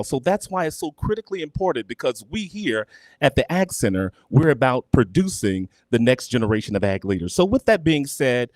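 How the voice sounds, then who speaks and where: A man's voice: medium pitch, a little mellow, no echo. A man hosting a live fundraising broadcast, speaking with an emphatic, preacher-like cadence. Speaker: broadcast host.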